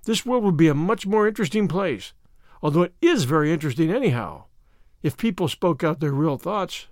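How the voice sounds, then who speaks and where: A man's voice: fairly high pitch, animated, brisk, dry recording, studio quality, close to an everyday voice. A man voicing dreamy, gushing young Anne. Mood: enthusiastic. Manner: gushing, romantic. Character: dreamy talkative young woman, imaginative and eager.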